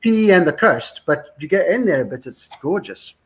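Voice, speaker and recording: A man's voice: on the high side, sing-song, a little fast. A man in his sixties with a South African accent, a musician guest telling rambling, wry anecdotes in a casual interview. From Scotland, raised in South Africa.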